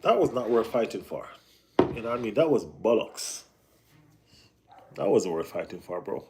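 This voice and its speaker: A man hosting a casual live football chat, talking in an animated way with lots of slang and repeated phrases. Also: lowish voice, normal speed, very noisy. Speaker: football channel host.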